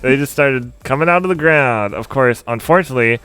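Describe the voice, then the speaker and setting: A man's voice: medium pitch, brisk, fairly bright tone, clean tone, dry recording. A man hosting a casual podcast chat about video games, rambling a little and laughing often. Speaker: podcast host.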